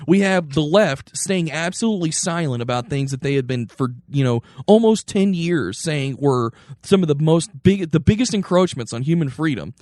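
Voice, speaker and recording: A man co-hosting a podcast, ranting in animated casual political chat and mocking others with quick impressions. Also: on the high side, dry recording, studio quality. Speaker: podcast co-host.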